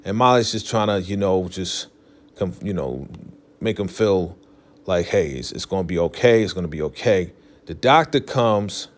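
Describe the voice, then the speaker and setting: Low-voiced male vlogger, laid-back episode recap, filler-heavy delivery. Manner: loose, filler-heavy retelling, leans on "definitely" and "you know".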